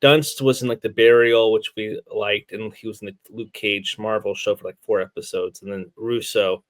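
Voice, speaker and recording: A man co-hosting a casual TV review podcast, joking around and making quick asides. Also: on the low side, fairly even intonation, no room sound. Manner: easygoing, jokey, quick asides. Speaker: podcast co-host.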